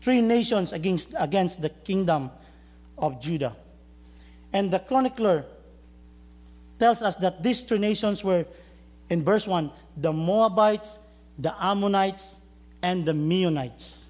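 High-voiced pastor preaching a sermon. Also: male voice, expressive, takes it slowly, pauses often, darkish tone. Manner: storytelling, joking with the congregation.

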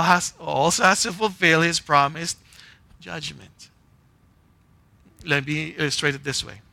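A man's voice: a little high, pushed and bright, no room sound. A man preaching a conversational sermon, telling a personal story in short punchy phrases and often checking in with "right?" and "okay?". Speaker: pastor.

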